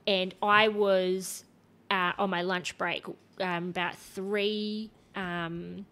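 A woman's voice: mid-range voice, very slow. Woman from New Zealand telling a story. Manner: animated storytelling, acting out what others said. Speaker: podcast guest. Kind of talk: casual podcast chat.

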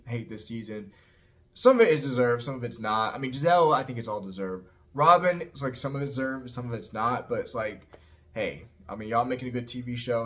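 Fast-talking sassy male recap vlogger. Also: medium pitch. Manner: sassy, animated, heavy use of "like" and "girl". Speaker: reality TV recap host. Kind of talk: casual opinionated recap.

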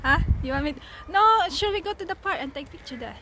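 A woman vlogging live on her phone outdoors in the falling snow, talking casually with excitable, giggly energy. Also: high-pitched, fast. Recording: outdoor noise.

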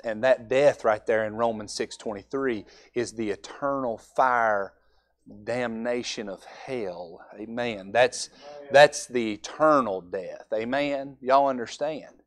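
A man's voice: medium pitch, slow. A young man preaching a Sunday evening sermon in a folksy way, acting out altar conversations.

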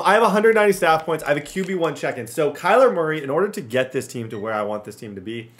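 A young man giving casual, rambling gameplay commentary, jumping from low mutters to loud excited outbursts. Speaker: gaming YouTuber.

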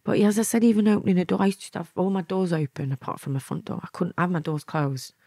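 A woman's voice: lowish voice, fast talker, dark tone, no room sound. Chatty Lancashire woman, dry close sound. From England. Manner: chatty, laughing, acts out quotes. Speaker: guest. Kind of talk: candid storytelling interview.

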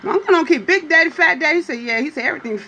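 A woman's voice: expressive, racing, sharp tone, dull audio, slight background noise. A woman hosting a casual livestream, talking straight to her viewers in a playful, teasing way and often asking "you hear me?". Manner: drawling, swoops into high exclamations. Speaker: livestream host reading for viewers.

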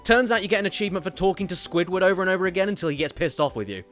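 Game streamer, man, a bit higher pitched, casual and rambling, light game music underneath. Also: animated, a bit bright. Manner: chatty, reads viewer messages aloud with quick asides. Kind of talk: casual live-stream chat while gaming. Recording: faint game music behind.

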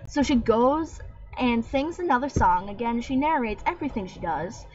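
A woman's voice: a little high, animated, normal speed, a little mellow. A young woman ranting casually in a vlog, sarcastic and rambling, mocking what she describes. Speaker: vlogger. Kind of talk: casual rant. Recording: dull lo-fi webcam audio.

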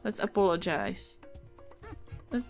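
A Czech-accented woman giving casual let's-play commentary, excitable, swearing and yelping at the game. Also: mid-range voice, slow pace, faint music behind. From Czech Republic. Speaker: gaming video creator.

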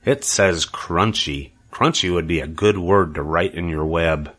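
A grumpy, self-serving rat who grumbles and snaps sarcastically, as an older man reads him. His complaints jump sharply up and down in pitch. It comes from a storybook reading. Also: expressive, a little slow, fairly bright tone, heavily acted. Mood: grumbling. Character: grumpy, greedy male barn rat.

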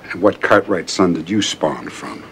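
A cool, deep-voiced villainous lawman. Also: gravelly, a little hiss or hum. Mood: cold menace. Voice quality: deep, measured. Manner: calm, polite menace, slow deliberate phrasing. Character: cold, soft-spoken, vengeful older male lawman villain. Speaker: villain, a lawman holding a captive. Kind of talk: 1990s TV western acting.

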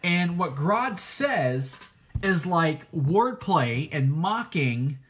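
A preacher giving an informal teaching, talking hesitantly with many restarts and frequent checks for agreement. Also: male voice, a little high, very animated, drawn-out words, fairly bright tone. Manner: hesitant, frequent restarts, keeps asking "okay?".

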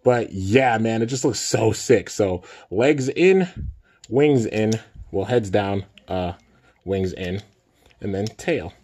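A young man hosting a casual toy unboxing vlog, excitable and filling his talk with "man" and "dude". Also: fairly low pitch, takes it slowly, slightly rough. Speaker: toy reviewer and channel host.

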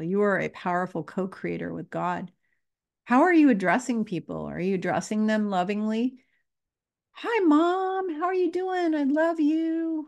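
A woman's voice: lowish voice, creaky, darkish tone. A woman spiritual teacher talking to her viewers, earnest and repeating her questions. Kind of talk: casual spiritual talk to camera.

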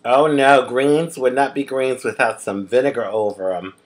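A woman with a Philadelphia accent chatting through a casual home cooking vlog, expressive and quick to laugh. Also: rumbling low. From Philadelphia, USA. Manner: chatty, expressive, laughs often, drawn-out emphasis. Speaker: vlogger.

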